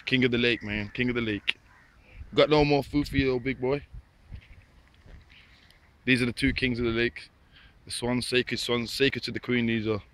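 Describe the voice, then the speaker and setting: Laid-back man by a noisy lake. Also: mid-range voice. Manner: laid-back, repetitive, talks to the birds. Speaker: vlogger. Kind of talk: casual chat to camera. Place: outdoors by a lake. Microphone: phone. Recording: noisy outdoor phone recording.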